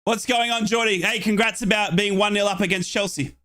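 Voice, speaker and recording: A young Australian man giving excited fan play-by-play on a football match and chatting with viewers from his home office. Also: sits high, brisk. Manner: excitable, shouts at chances, chats with viewers. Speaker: watchalong streamer.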